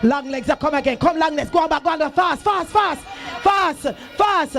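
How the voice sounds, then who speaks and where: A man with a Jamaican accent emceeing a school sports day, shouting and sing-song as he hypes the crowd. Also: very high-pitched, normal speed, faint music behind. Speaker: event emcee. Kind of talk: loud hype announcing at a school sports day. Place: outdoor school sports field.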